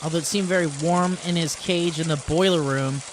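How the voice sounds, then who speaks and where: A man co-hosting a comedy podcast in casual chat, excitable, often bursting into shouted play-acting. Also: fairly high pitch, a little fast, noisy background. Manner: excitable, acts out scenes in loud shouted voices. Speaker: podcast co-host.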